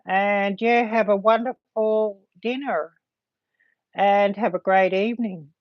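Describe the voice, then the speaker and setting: Woman livestream host, slow unhurried delivery, lots of ums, dull lo-fi home-mic sound. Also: mid-range voice, steady tone, dry recording. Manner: halting, filled with frequent ums. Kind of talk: casual livestream chat to viewers.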